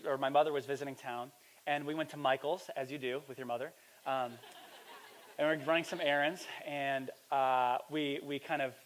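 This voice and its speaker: A young male pastor with a noticeably high voice delivers a sermon. He tells a story casually, with slang and filler words. He builds into loud, animated preaching. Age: young adult.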